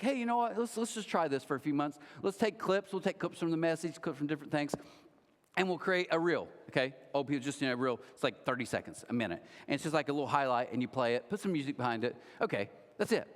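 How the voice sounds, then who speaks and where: A man's voice: on the high side, long reverb tail. A man preaching a sermon as pastor, telling a story in a joking, self-mocking way. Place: large church auditorium.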